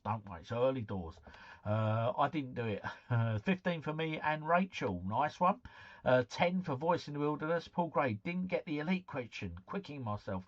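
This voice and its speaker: A man's voice: mid-range voice, breathy edge, dull audio. A man hosting a live stream. He reads out quiz answers, repeats each one, and chats with viewers in a jokey way.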